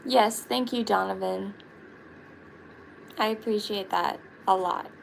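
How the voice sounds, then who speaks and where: A woman's voice: medium pitch, slow, gravelly, slight background noise, low-quality recording. A woman chatting casually on a live stream while painting her nails, giggly and full of fillers. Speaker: livestreaming vlogger.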